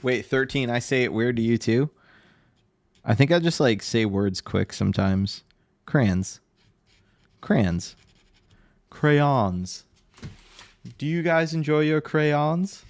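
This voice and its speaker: Gravelly New man chatting on stream. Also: mid-range voice, lively intonation, a little slow, no echo. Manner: chatty, joking and teasing, laughs often. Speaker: livestreaming artist and tattoo artist. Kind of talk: casual livestream chat with viewers.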